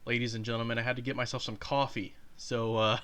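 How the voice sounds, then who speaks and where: A man hosting a reaction video, sarcastic and often profane. He speaks casually and straight to his audience at an ordinary mid pitch. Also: flat delivery, fast, a bit bright, smooth. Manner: sarcastic, profane, addresses viewers directly.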